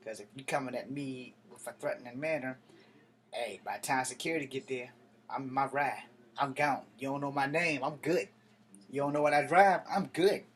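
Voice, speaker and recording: A man's voice: medium pitch, fairly even intonation, normal speed, slight background noise. A man in his thirties telling a story to camera, rambling and heated, with plenty of cursing. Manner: profane, heated, digressive street talk. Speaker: vlogger.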